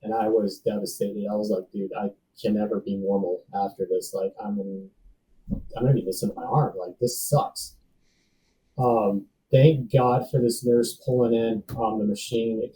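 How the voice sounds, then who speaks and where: A man's voice: fairly low pitch, flat delivery, normal speed, mellow, recorded from a distance, a little hiss or hum, poor audio. A man in his thirties, a podcast guest, telling a personal story in a laid-back, slangy way full of dude and bro. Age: 30s. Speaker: podcast guest, safety professional.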